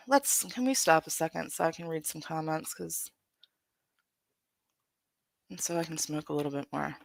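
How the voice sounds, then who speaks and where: A woman's voice: low-pitched, animated, measured pace, creaky, long pauses, no room sound, studio quality. A woman hosting a livestream, ranting bluntly and swearing freely. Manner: profane, blunt, venting. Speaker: livestream host. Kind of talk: heated livestream rant.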